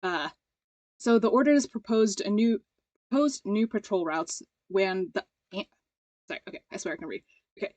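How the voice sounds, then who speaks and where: A woman's voice: medium pitch, normal speed, a little mellow, no echo, dull audio. Giggly woman streamer reading a story. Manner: giggly, chatty asides. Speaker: streamer reading a visual novel aloud. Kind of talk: casual stream, voicing story characters.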